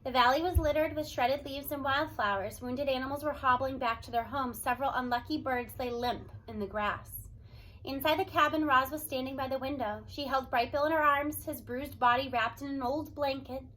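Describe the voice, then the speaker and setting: A woman reading a children's novel aloud with expressive storytelling. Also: high voice, normal speed. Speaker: reader. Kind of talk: children's book read-aloud.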